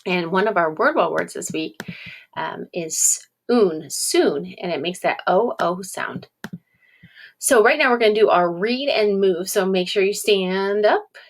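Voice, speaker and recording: Woman teacher, relaxed classroom video, middle pitch, sounds out phonics. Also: unhurried. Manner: casual, encouraging, with ums, sounds out words. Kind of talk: recorded video lesson for young children.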